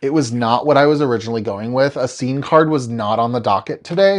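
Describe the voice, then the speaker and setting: He has a mid-range voice and a normal speaking speed. A young man running a live-stream crafting demo, he chats brightly while making cards and speaks to viewers by name.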